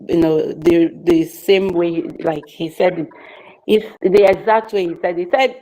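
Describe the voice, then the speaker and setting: A woman's voice: fairly high pitch, rough recording. Passionate woman telling a story. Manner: passionate, repeats and restarts, animated storytelling. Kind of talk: casual testimony on a live call.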